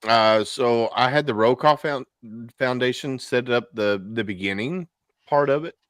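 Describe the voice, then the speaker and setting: A man in his forties, a veteran guest talking casually in an interview, halting and repeating words with many fillers. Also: medium pitch, fairly bright tone, clean tone, no echo. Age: 40s.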